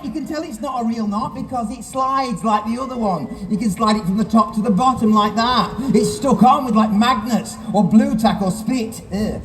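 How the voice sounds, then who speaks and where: A man's voice: very high-pitched, echoey room, background noise. A man in his fifties, a magician and ventriloquist, doing brash, self-mocking comedy patter at a live stage show. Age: 50s.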